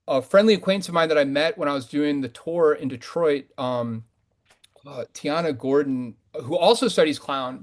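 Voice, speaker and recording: Thirties man, poet guest, slightly high voice, rambling and chatty with lots of ums. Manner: rambling, many fillers and restarts, animated swings in pitch and loudness. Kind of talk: casual conversational interview.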